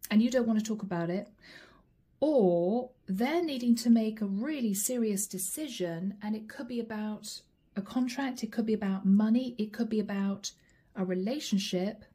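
A woman's voice: mid-range voice, mellow, husky. A woman giving a tarot reading, addressing the viewer directly with probing, repeated questions. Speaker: tarot reader.

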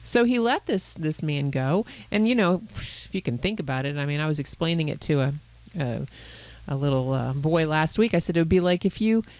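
Low-voiced woman retelling a parable. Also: brisk, dry recording, rough recording. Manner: animated storyteller who voices characters. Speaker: Christian counselor and co-host. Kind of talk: conversational Bible teaching.

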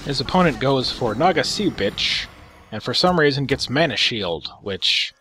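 A man's voice: mid-range voice, expressive, moderate pace, pushed and bright. A man commentating on game replays in a sarcastic, profane, amused way.

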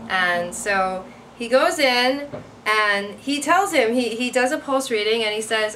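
A woman English teacher tells a story in a lively, animated way, acting out the quoted lines. Her voice sits a little high and sounds bright. She often checks in with "right?" and "okay?". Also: measured pace, a little hiss or hum. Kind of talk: retelling a story for English learners.

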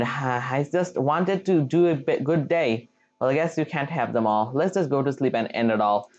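A gameplay commentator talks through a game with a bouncy, lively voice that swoops up and down. The delivery is casual and jumpy, quick to break into startled exclamations. The sound is dull and lo-fi, like a cheap home mic. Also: medium pitch. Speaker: gameplay video creator.

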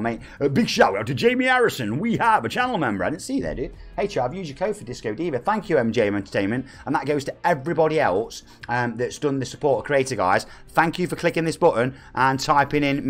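A man's voice: medium pitch, sing-song, quick pace, few pauses. A man in his forties with an East Midlands English accent, hosting a live game stream at home, chatty and hyped while reading out and thanking viewers. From England. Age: 40s. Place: home room.

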